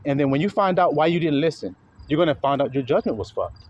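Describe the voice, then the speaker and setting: Animated preaching man, high lively voice. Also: fast, lo-fi sound, a little hiss or hum. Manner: confrontational, profane, fires rhetorical questions; talks while walking. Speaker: self-styled religious teacher. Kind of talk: street preaching monologue.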